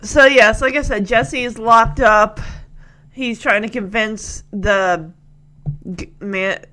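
A woman's voice: on the high side, takes it slowly, a bit bright. A woman vlogger retelling a TV scene in a chatty way, laughing and acting out the characters' lines. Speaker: vlogger reacting to a TV clip. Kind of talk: casual reaction commentary.

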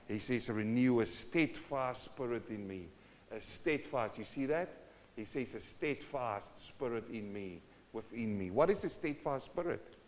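A man's voice: lowish voice, slight background noise. Man preaching in an echoing hall. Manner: swings from hushed to loud, many rhetorical questions. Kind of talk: sermon. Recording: long hall reverb.

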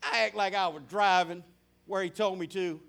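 An older man from Florida, preaching a sermon. He tells folksy stories and swings from loud to hushed. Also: high-pitched, fairly even intonation, moderate pace, creaky. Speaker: pastor.

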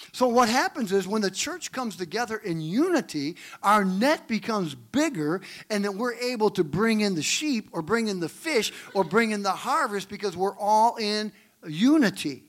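A male pastor preaching a sermon, telling stories and asking the congregation questions. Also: high-pitched. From Great Lakes region of the US. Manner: animated storytelling preacher, asks the congregation questions. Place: church.

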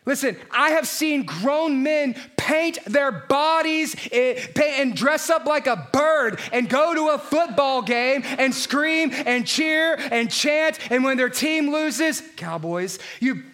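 A man preaching a sermon as pastor, energetic and animated, shouting key lines and firing rhetorical questions at the congregation. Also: very high-pitched, slow pace, hardly any pauses.

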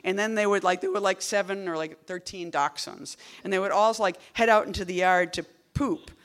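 A woman poet giving a casual talk at a reading series. She wanders off on tangents, fills gaps with "like" and "you know", and drops wry, deadpan asides. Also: medium pitch, brisk. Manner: rambling and digressive, full of "like" and "you know".

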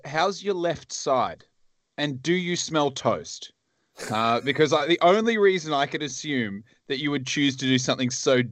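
A man's voice: medium pitch, a bit bright, dry recording. Rambling, profane man on a dry mic. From Australia. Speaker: podcast co-host. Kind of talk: casual chat.

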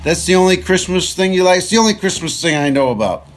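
A man's voice: high voice, animated, fast, a little hiss or hum. A man hosting a countdown show, talking casually from his car and joking as he thinks aloud. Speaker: show host. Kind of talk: casual rambling monologue.

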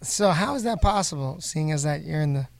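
Man, podcast host, teasing, fairly high voice. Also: lively intonation, brisk, creaky. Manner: teasing, joking. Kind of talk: casual chat.

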